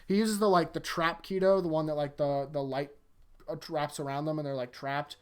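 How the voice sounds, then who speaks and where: A host casually recapping anime episodes, chatty and laughing often, acting out quick character lines while retelling scenes. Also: mid-range voice, fairly even intonation, clean tone. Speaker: anime rewatch reviewer.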